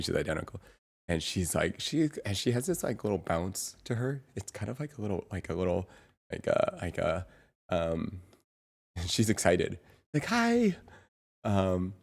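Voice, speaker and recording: Male streamer, deep voice, loose rambling chat to viewers, keeps hunting for words. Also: a little mellow. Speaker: livestreamer.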